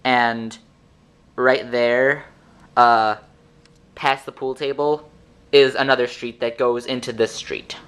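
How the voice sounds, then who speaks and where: Exasperated teen guy ranting, bright voice. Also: medium pitch, fairly even intonation, slow, pauses often, smooth. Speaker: vlogger. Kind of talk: ranting vlog monologue.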